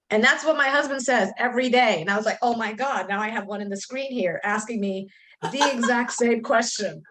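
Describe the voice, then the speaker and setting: A middle-aged woman talks in a quick, chatty stream over a video call. She keeps acting out little bits of dialogue as she goes. Her voice sits at an ordinary middle pitch for a woman. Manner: talkative, animated, quotes herself and others. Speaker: coaching student sharing her story. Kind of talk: emotional, chatty testimonial.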